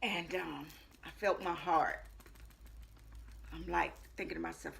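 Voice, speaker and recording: A woman, a life coach, telling her personal testimony in earnest, repeating phrases for weight and moving between hushed and loud moments. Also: lowish voice, measured pace, creaky. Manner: earnest storytelling with frequent repetition; shifts between hushed and loud as she tells it.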